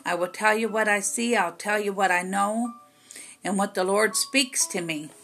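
A woman's voice: medium pitch, normal speed, fairly bright tone, faint music behind. A woman minister preaching to her viewers, exhorting them with repeated commands and rising to emphatic peaks. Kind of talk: preaching to camera.

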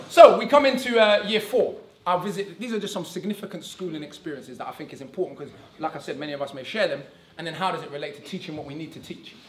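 A man giving an animated, conversational public talk at a conference, often checking in with the audience with "right?". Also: sits high. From England. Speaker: conference speaker. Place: conference hall. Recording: echoey hall.

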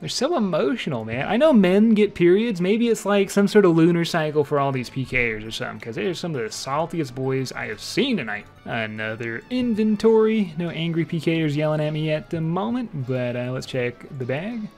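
A young man giving live gameplay commentary, excitable and trash-talking, swinging between low mutters and loud shouts. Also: moderate pace, hardly any pauses, faint music behind. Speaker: streamer playing an online game.

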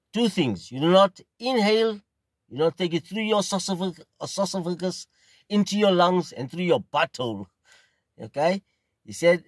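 Man, South African accent, middle-aged, casual rambling storyteller, slightly high voice, dry close recording. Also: expressive, no room sound. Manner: rambling, unhurried, repeats phrases. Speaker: pipe smoking video host.

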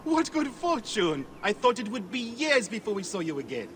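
A friendly family man welcoming back an old friend in video game dialogue. His voice is fairly high and very lively, cheerful and chatty, with faint noise behind it. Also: moderate pace. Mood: warm.

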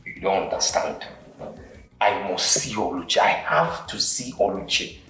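A man's voice: sits low, lively intonation, a little slow, sharp tone, full character voice. An actor playing a desperate, lovesick young man in a film drama, stammering and pleading with a Nigerian accent. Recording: echoey room, faint music.

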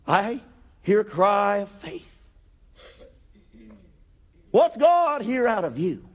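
A man preaching a sermon with rising passion, acting out Bible scenes and building to shouted declarations. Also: high voice, very animated, takes it slowly. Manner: acts out Bible scenes in quoted voices.

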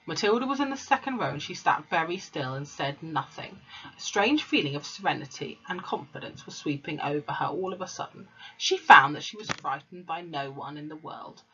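A woman's voice: sits low, animated, fairly quick, sharp tone. A woman, a teacher, reading a children's book aloud to her class in a casual way, with fillers and corrected slips. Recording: dull lo-fi recording.

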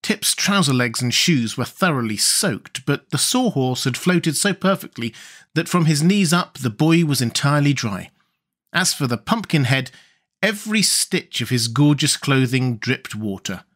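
A man reading a children's fantasy storybook aloud as an audiobook narrator, measured and expressive. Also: medium pitch.

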